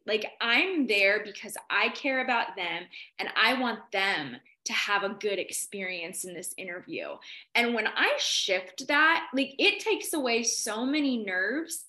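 A young woman chatting as a podcast guest, telling pageant coaching stories with enthusiastic, animated energy. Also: mid-range voice. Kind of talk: casual podcast chat.

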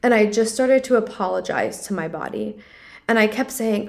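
A woman's voice: medium pitch, expressive, normal speed, creaky, a little mellow. A young woman hosting her own podcast, talking through a personal story in an earnest, confessional way, with lots of "like" fillers. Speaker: podcast host. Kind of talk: personal reflective monologue.

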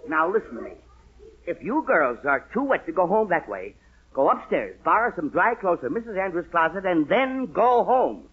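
A flustered, blustering father in a 1940s radio comedy, his high voice swinging up and down as he scolds the whole house. The tone is husky, and the sound is thin and tinny like an old radio broadcast. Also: big pitch swings, normal speed, full character voice. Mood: scolding. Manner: blustering and scolding, stern lectures. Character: exasperated middle-aged father, head of household. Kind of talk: 1940s radio sitcom acting.

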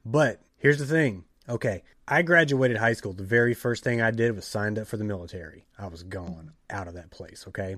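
A middle-aged man, telling a story in a casual chat, animated and often restarting his sentences. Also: lowish voice, normal speed, few pauses, dry recording, studio quality. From Tennessee. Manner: animated, self-interrupting storyteller. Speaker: podcast storyteller.

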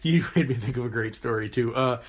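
A man's voice: mid-range voice, brisk. Rambling, laughing podcast co-host man. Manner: rambling storyteller, laughs often, many fillers. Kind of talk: casual chat.

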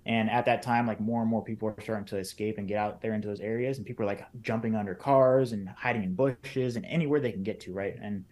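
A man with a fairly low voice talks as a podcast guest. He tells his story casually and in detail, acting out the lines people said and leaning on fillers like "like.". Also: fairly even intonation, quick pace, hardly any pauses, a little mellow. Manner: retells events in detail, acting out quoted lines, many fillers like "like".

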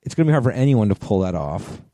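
A man's voice: lowish voice, sing-song, quick pace, mellow, no echo, studio quality. A man co-hosting a podcast, chatting casually about movies in a loose, rambling way and laughing easily. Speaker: podcast co-host. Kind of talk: casual chat.

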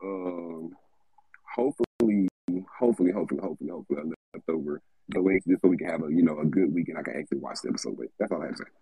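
A man's voice: low voice, rapid-fire, gravelly, mellow, slightly rough, no echo, low-quality recording. A man in a live audio chat giving a rambling, profane reaction to a reality show, repeating words as he goes.

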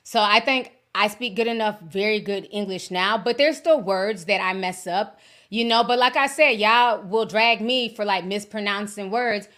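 A woman whose first language is Yoruba hosts her livestream podcast with a bright, forceful tone. She chats casually and animatedly, dropping slangy asides, laughing often, and reading out viewer super chats at an average pitch. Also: moderate pace.

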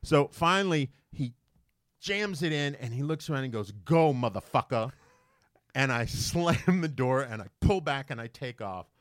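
A man's voice: mid-range voice, moderate pace, dry recording. A man co-hosting a podcast, telling a story in casual chat and acting out the voices he quotes. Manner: animated, acts out quoted voices. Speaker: podcast co-host.

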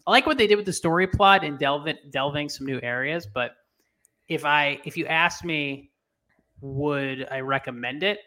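A man's voice: on the high side, normal speed, bright, forceful tone. A man co-hosting a sports podcast, talking in a laid-back, chatty way, full of "like" and "dude". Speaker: podcast co-host. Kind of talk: casual chat.

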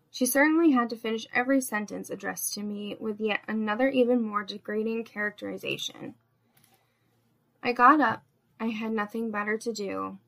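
Woman narrator with a gravelly fry. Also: fairly high pitch, fairly bright tone. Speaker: story narrator. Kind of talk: first-person story reading.

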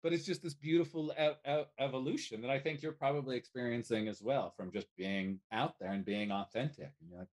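A man talking as a life coach guest in a casual podcast conversation, animated and casually swearing. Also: mid-range voice, a little fast, hardly any pauses. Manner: animated, swears casually, acts out little quoted voices.

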